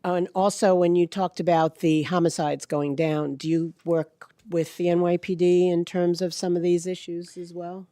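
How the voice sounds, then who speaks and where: A woman's voice: fairly low pitch, little pitch movement, moderate pace, few pauses, warm tone, dry recording. A woman chairing a council hearing, asking questions in a conversational way and thinking aloud.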